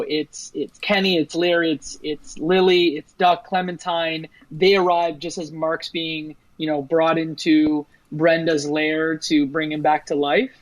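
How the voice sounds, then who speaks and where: Man, slightly high voice, casual podcast co-host, chatty, dry close sound. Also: no room sound, poor audio. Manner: chatty, leans on "like" and "you know". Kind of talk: casual chat about a video game.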